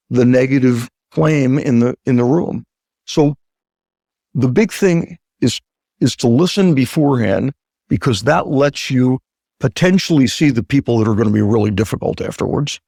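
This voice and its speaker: A man with a gravelly, husky voice talks as a surgeon guest in a dry, close-sounding room. He speaks emphatically, repeats his points for weight, and slips into the voices of patients and doctors as he tells stories. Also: mid-range voice, darkish tone, dry recording. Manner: emphatic, acts out quoted patient and doctor talk; repeats key points for stress. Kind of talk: conversational interview talk.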